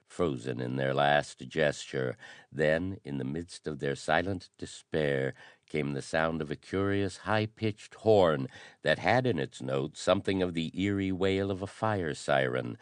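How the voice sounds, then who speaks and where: Very deep, slow-reading male narrator. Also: fairly bright tone, no room sound, clean studio sound. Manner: measured, dramatic reading of old-fashioned prose. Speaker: audiobook narrator. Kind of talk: scripted narration.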